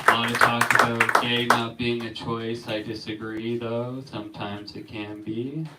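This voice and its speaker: A man's voice: medium pitch, level tone, a little slow. A man hosting a comedy show, doing his own set with a dry, understated delivery. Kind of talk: stand-up set and introductions. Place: comedy club stage. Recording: echoey noisy club from far off. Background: audience laughter.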